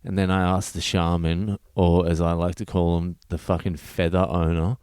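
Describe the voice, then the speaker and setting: A deep-voiced Australian man rambles through a blunt, sweary story, his voice smooth and resonant. The sound is dry and close with no room around it. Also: little pitch movement, normal speed, a little mellow, no echo. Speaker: comedian podcast host. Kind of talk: casual storytelling monologue.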